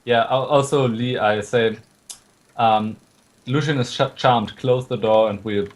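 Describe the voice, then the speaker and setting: A man's voice: mid-range voice, steady tone, unhurried. A man playing a tabletop game who hesitates, repeats himself and chuckles often. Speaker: player. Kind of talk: casual tabletop game chat.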